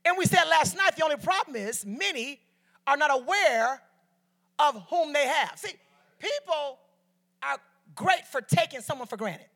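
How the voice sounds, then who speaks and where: A woman's voice: sits high, expressive, a little slow, a bit bright. A woman from Detroit preaching a sermon as a guest speaker, calling on the congregation to answer back and telling stories along the way. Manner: call-and-response preaching, storytelling asides.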